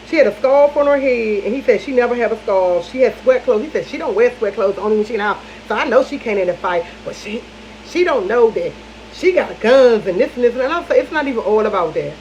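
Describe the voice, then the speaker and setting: A woman in a casual storytime vlog, talking to her viewers in an animated, gossipy way, repeating lines for emphasis. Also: fairly high pitch. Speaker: vlogger. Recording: dull lo-fi audio with faint noise.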